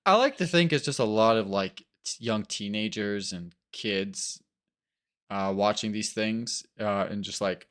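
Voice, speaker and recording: A man chatting casually in a reaction video, rambling and animated, often acting out other people's voices. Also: on the low side, measured pace. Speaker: co-host.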